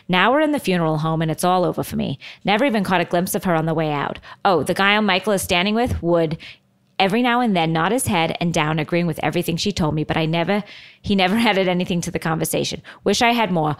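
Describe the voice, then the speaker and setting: A woman putting on a Boston accent to read a chatty older woman's gossipy letter aloud. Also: fairly low pitch. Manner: gossipy, conspiratorial.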